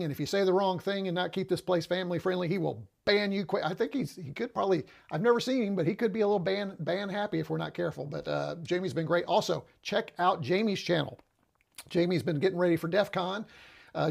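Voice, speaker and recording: A man's voice: sits high, creaky. A man hosting a casual livestream on a lapel mic, rambling and chatty, slightly out of breath. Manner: chatty, rambling, with frequent "uh" and restarts. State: a little out of breath. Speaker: livestream host.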